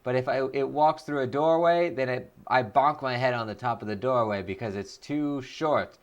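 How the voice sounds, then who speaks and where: A man voicing a vain male elf running for office, speaking slowly and haltingly with earnest comic seriousness. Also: mid-range voice, highs cut off, close to an everyday voice. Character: vain male elf candidate, doorway-bonking. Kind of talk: comic improvised character voice.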